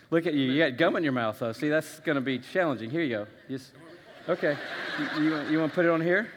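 A man's voice: on the high side, brisk, in a large hall, a little hiss or hum. A man preaching a sermon to a congregation, stacking emphatic phrases and adding playful asides to the crowd. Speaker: pastor. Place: church auditorium.

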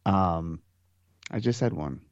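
A man in casual podcast chat, spinning animated stories and mimicking the people in them. His voice sits dry and close, with a dull, slightly muffled tone. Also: sits low, slow pace, no echo.

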